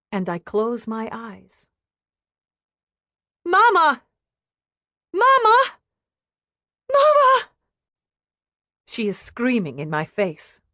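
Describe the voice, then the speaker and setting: Female audiobook narrator, grave and hushed, unhurried, dry close-miked studio sound. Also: mid-range voice, no echo. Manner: hushed, grave first-person reading.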